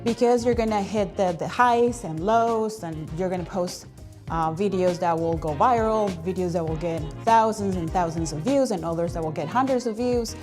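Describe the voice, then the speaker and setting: A woman hosting a live stream, talking in an energetic, chatty way with plenty of fillers. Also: fairly low pitch, normal speed, faint music behind. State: out of breath. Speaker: host.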